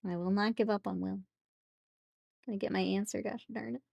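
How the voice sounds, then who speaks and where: A woman's voice: mid-range voice, fairly even intonation, a little fast, creaky, dry recording, highs cut off. A woman streaming while she paints miniatures, chatting playfully with viewers and laughing often. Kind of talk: casual chat with live chat while painting.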